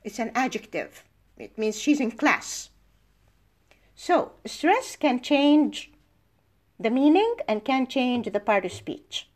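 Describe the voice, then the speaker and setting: A middle-aged woman whose first language is Arabic teaches a university class in a fairly high voice. She talks unhurriedly and explains each point step by step with examples. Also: very animated. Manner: explanatory, gives slow worked examples. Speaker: university lecturer. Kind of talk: recorded lecture.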